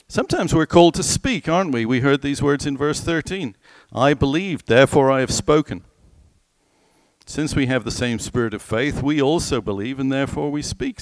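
A man delivers a sermon in an easy, conversational way, often putting questions to his listeners. His pitch rises and falls a lot, and he slows right down whenever he quotes scripture. The sound is dry and close. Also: no room sound. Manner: animated, conversational, asks the congregation questions. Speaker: preacher.

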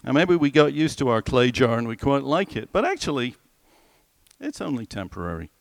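Animated male preacher, close and dry. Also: medium pitch, vocal fry, no echo. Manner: animated, conversational, asks the congregation questions; slows right down when quoting scripture. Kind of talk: sermon.

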